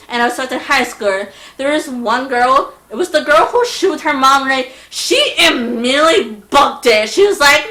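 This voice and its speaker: A woman's voice: high-pitched, normal speed, few pauses. A young woman telling a storytime in a casual, exasperated way, acting out the people she quotes. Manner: animated, exasperated, acts out voices in quotes. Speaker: vlogger. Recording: echoey room.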